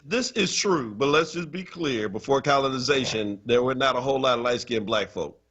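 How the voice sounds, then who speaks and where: A man's voice: mid-range voice, normal speed, slightly rough. Playful male radio co-host. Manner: animated storyteller, playful teasing. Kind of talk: casual radio talk. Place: radio studio. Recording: dull lo-fi stream audio.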